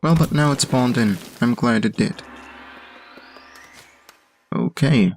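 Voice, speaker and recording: A young man with a German accent giving let's-play commentary on game levels, halting and full of pauses and fillers. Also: medium pitch, lively intonation, creaky, a little hiss or hum. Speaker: host reviewing community game levels.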